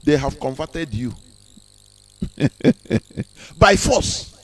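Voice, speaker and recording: Man, fairly high voice, impassioned speech, repeats himself for emphasis. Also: big pitch swings, extremely slow. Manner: emphatic, repeats words and asks rhetorical questions. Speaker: speaker on a live broadcast.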